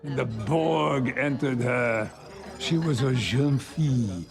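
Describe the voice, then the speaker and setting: An actor playing an older man who poses as a sinister Frenchman, with a put-on French accent and a slow, deliberate delivery. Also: medium pitch, vocal fry, music in the background. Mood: sly menace.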